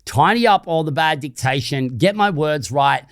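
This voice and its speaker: A man's voice: a little high, expressive, moderate pace, a bit bright. A man with an Australian accent hosting an unscripted solo podcast, talking casually and bluntly, with some swearing. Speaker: podcast host.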